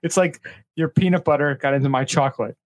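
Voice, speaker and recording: A man's voice: fairly high pitch, quick pace. Man joking around on a podcast. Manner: joking, riffs on bits. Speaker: podcast co-host. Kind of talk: casual chat.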